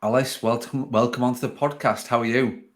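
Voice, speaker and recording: A man with a Sheffield accent hosting a relaxed podcast interview, rambling and restarting his sentences as he chats. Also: medium pitch, fairly quick. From Sheffield, England. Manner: rambling, self-interrupting, chatty. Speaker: podcast host.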